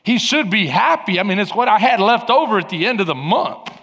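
A man's voice: high voice, big pitch swings, fairly quick, fairly bright tone, husky. A man preaching a sermon as pastor, fervent and emphatic. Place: church sanctuary. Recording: long hall reverb.

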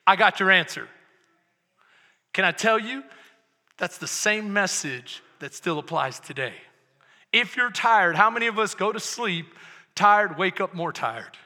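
Male pastor, preaching with call-and-response, high bright voice. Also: animated, unhurried, big-room sound. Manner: preaching with call-and-response amens, swings from loud to hushed. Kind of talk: sermon.

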